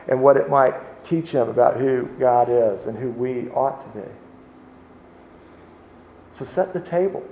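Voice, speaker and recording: A man giving a sermon in a mellow, warm-toned voice at an ordinary pitch. He preaches in a relaxed, chatty way, often circling back and restarting his sentences. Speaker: pastor.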